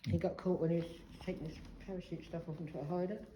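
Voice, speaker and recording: A woman's voice: lowish voice, fairly even intonation, quick pace, warm tone, slight background noise. A woman working as a medium, musing hesitantly as she calls out to a spirit inside a church. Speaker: psychic medium. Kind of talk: paranormal investigation chat. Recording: echoey church room.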